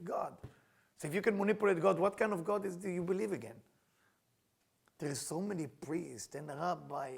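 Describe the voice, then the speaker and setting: A middle-aged man lectures a spiritual class in English that is not his first language. His voice sits high and sounds husky, and his pitch swings widely as he acts out the people he quotes. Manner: non-native English phrasing. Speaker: Kabbalah teacher.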